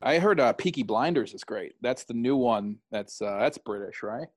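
A man's voice: medium pitch, expressive, moderate pace, dry recording. A man with a Chicago accent co-hosting a casual podcast, delivering dry, understated jokes. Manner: dry, wry and understated humor. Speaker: podcast co-host. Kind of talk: casual chat.

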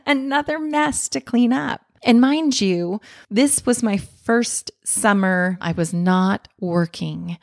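A woman's voice: lowish voice, vocal fry, a little mellow, no echo, studio quality. A woman, a mother, telling an earnest, self-reflective personal story in a candid, confessional way.

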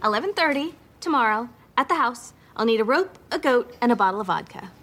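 An eccentric, self-assured psychic in a film scene. Her voice sits high and she talks briskly, as if everything is obvious. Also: lively intonation, fairly bright tone. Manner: brisk, matter-of-fact. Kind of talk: film dialogue.

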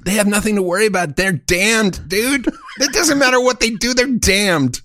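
A man with a Midwestern American accent tinged by Texas, co-hosting a podcast in casual comedic chat, animated, laughing and swearing. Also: high-pitched, normal speed, dry recording, clean studio sound. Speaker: podcast co-host.

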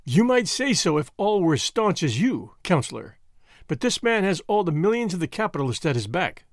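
A man reading aloud, giving an earnest, commanding young man his voice, with lively, rising delivery. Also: high-pitched, a little fast, dry recording, clean studio sound. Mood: solemn, grave. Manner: earnest, forceful pleading and solemn speechmaking. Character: bold young man, secret-society member, earnest and commanding.

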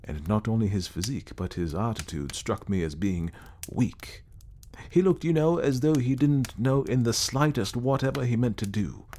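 A man voicing an earnest, reflective gentleman who sincerely recounts meeting a ghost, in an audiobook reading. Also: mid-range voice, expressive, normal speed, a little hiss or hum, voice pushed up, lightly acted. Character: earnest gentleman telling his ghost encounter. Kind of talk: audiobook character voice.

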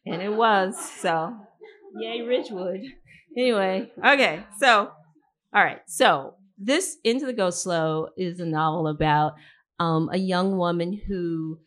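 A woman's voice: fairly low pitch, a little slow. A woman author at a live reading, telling a chatty anecdote to the audience. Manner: chatty storyteller, animated voices for dialogue. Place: live reading event indoors.

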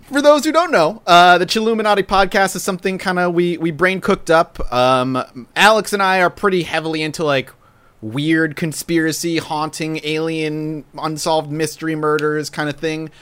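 A man's voice: fairly high pitch, normal speed, a bit bright, smooth. A man hosting a casual podcast chat, rambling and laughing often, with lots of "like". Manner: giggly, rambling, heavy use of "like". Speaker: podcast host.

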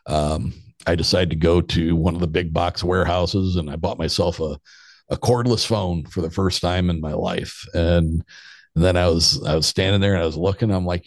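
A man in his fifties with a very low voice spins a casual personal story. He rambles, restarts his sentences and chuckles as he goes. The recording is close and dry. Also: normal speed, a little mellow, no room sound.

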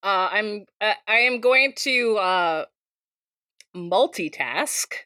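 Slow, bright-voiced woman player. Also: medium pitch, expressive, no echo. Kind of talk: casual tabletop game play.

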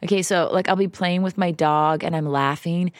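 A woman's voice: on the low side, fairly even intonation, normal speed, no echo, studio quality. A woman hosting an unscripted solo podcast from a house in the woods, talking in a confessional, emotional and self-mocking way with some swearing. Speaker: podcast host. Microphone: home setup, popping p's.

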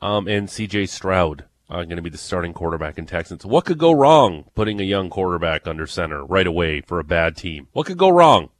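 A man's voice: low voice, expressive, fairly quick, hardly any pauses, no room sound. A man hosting a sports radio show, chatting casually and reading promos and previews. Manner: upbeat, reads promos and previews.

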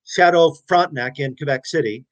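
A man in his sixties telling his stories as an interview guest, animated, blunt and profane. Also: on the high side, a little fast. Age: 60s. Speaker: interview guest, former hockey player. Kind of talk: casual storytelling.

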